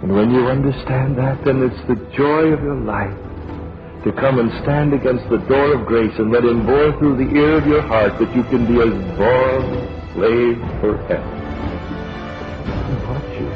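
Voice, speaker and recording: Man preaching a sermon story, lo-fi. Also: mid-range voice. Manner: slow dramatic storytelling, building to fervent appeal. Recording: dull lo-fi sermon recording with music behind.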